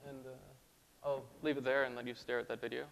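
A man presenting a scientific talk at a conference, halting at times with fillers and restarts. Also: mid-range voice, little pitch movement, creaky. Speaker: conference speaker. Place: lecture hall. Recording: hall reverb, faint hiss.

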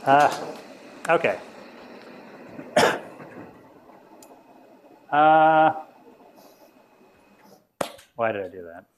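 A man's voice: fairly high pitch, animated, extremely slow, long pauses, a little hiss or hum. A man lecturing on physics to students in a lecture room, informal and explanatory, thinking aloud as he goes. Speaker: university lecturer.

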